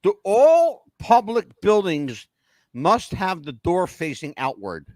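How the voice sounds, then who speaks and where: A man co-hosts a casual podcast, his slightly high voice swinging widely in pitch as he jokes. He talks emphatically and keeps swearing he isn't making things up. The sound is close and dry. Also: big pitch swings, slow pace, darkish tone, no echo. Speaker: podcast co-host. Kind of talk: casual chat.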